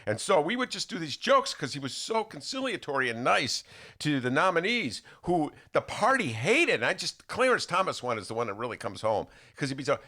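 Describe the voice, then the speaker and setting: A man's voice: on the high side, fairly quick. A man hosting a casual studio podcast, joking and slipping into impressions as he talks. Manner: animated, jokey, slips into impressions. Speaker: podcast host. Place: radio studio.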